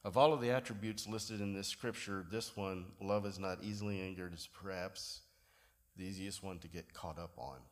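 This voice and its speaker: A pastor, giving a sermon in a relaxed storytelling way with self-deprecating humor. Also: male voice, low voice, moderate pace.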